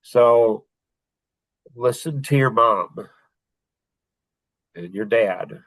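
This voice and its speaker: Slow, reflective man telling a story. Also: mid-range voice, no echo, poor audio. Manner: reflective and halting, many pauses and restarts. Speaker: podcast host. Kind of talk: personal storytelling.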